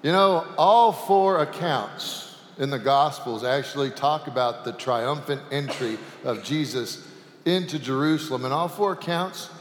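Slow-speaking preacher in an echoey sanctuary. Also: male voice, medium pitch. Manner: folksy storytelling with jokes. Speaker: pastor. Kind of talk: sermon. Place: church sanctuary. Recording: echoey sanctuary with long reverb.

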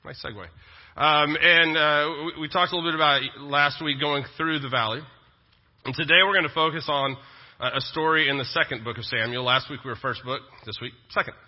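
A man's voice: on the high side, fairly even intonation, brisk. A male pastor, preaching a sermon in a conversational style with joking asides. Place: church sanctuary. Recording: dull lo-fi sound with long reverb.

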